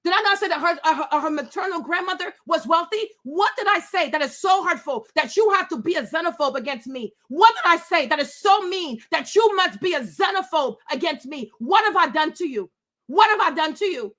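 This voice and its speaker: A woman with a very high voice rants into her webcam, firing off rhetorical questions again and again. She swears freely and sounds indignant. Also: expressive, fairly quick, a bit bright. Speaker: livestream host. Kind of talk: heated livestream rant.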